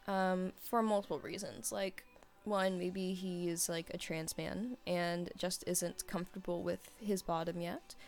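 Giggly young woman with vocal fry. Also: lowish voice, fairly even intonation, unhurried. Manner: rambling and giggly, heavy on fillers. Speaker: audio creator answering listener questions. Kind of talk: casual chat.

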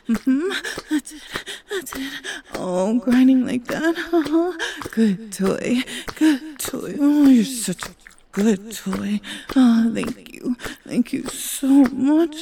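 A woman in a whispered role-play, talking softly, pleading and moaning, and often dropping into breathy whispers. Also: high voice, animated, slow. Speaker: audio role-play performer.

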